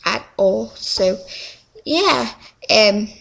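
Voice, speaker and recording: A woman's voice: mid-range voice, expressive, extremely slow, gravelly, fairly bright tone. A teenage girl, rambling through a casual confessional vlog at home, full of fillers and restarts. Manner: rambling, scattered, many fillers. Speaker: vlogger.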